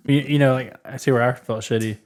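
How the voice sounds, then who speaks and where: A man's voice: mid-range voice, steady tone, brisk, a little mellow. A man with a mid-range voice chats casually on a podcast. He speaks openly and is hard on himself as he tells a story about his son. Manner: candid, self-critical storyteller. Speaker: podcast co-host. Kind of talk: casual chat.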